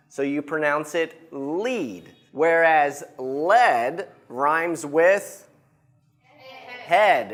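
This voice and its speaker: Slow, lively woman teaching. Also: deep voice. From United States. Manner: slow, clear, drawn-out modelling of words. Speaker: English teacher. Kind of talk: classroom lesson.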